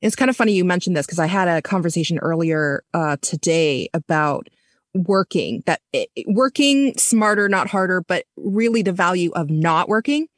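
A woman's voice: fairly low pitch, normal speed, no room sound, studio quality. A woman hosting a podcast who asks reflective questions in a conversational way. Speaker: podcast host. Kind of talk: casual interview.

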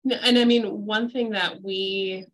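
A woman's voice: mid-range voice, fairly even intonation, measured pace, low-quality recording. A woman speaking as a guest on a podcast, earnest and reassuring as she gives practical advice. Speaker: school mental health guest. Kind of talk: podcast interview.

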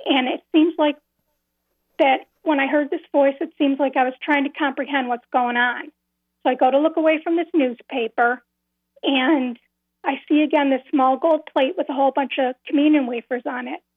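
A woman's voice: high-pitched, fairly even intonation, no echo. A woman calling in to a radio show, earnestly telling a personal story and repeating phrases as she goes. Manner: earnest, repeats phrases, slow and careful at key moments. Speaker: caller. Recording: tinny phone line.

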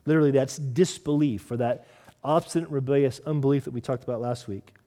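A male pastor preaching a sermon in an earnest manner, repeating key phrases and dropping to soft emphasis. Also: medium pitch, a little fast, long reverb tail.

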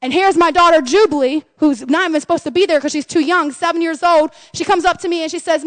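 A middle-aged woman pastor preaching an impassioned sermon, swinging between loud cries and hushed, intimate tones. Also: high-pitched, brisk, dry recording.

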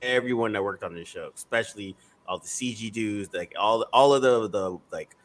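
A man in casual chat who sounds laid-back, trails off mid-thought and restarts, and often drops quiet. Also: fairly low pitch, moderate pace.

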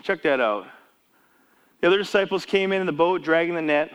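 A man's voice: on the high side, brisk, a bit bright, clear, resonant tone. A man in his fifties or older preaching a casual sermon, telling Bible stories with many restarts and acting out the dialogue. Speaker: pastor.

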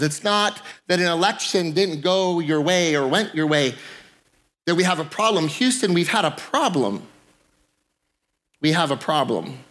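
Male pastor, sermon delivery, high bright voice, jokey, hammers key phrases. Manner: joking, repeats phrases for emphasis.

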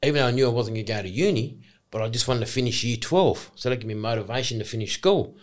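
An Australian man in his forties, a former rugby league player telling his story in an excitable, rambling, emphatic way as a podcast guest. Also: medium pitch, fast talker. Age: 40s. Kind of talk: casual podcast interview.

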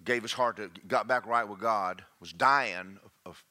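A man's voice: fairly low pitch, normal speed. A man preaching a sermon to a congregation, joking and checking in with the room. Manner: animated, jokey, checks in with the congregation.

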